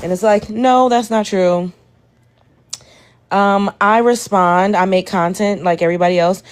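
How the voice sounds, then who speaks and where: A woman's voice: mid-range voice, fairly even intonation, a little slow, smooth. A woman hosting a live stream, reacting to a video and talking straight to her chat in an exasperated way. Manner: exasperated, addresses chat directly. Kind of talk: casual live stream commentary.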